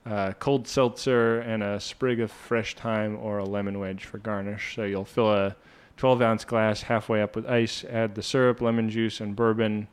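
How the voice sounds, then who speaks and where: A man's voice: lowish voice, little pitch movement, smooth. A man co-hosting a podcast, chatting casually and reading out cocktail recipes with frequent laughs. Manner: reads cocktail recipes slowly, laughs often. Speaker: podcast co-host.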